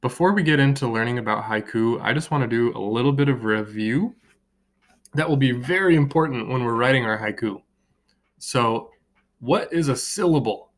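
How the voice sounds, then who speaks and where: Patient man teaching a children's lesson. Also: mid-range voice. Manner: slow, drawn-out word clapping and counting; friendly, patient classroom explaining. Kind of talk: recorded online lesson for children.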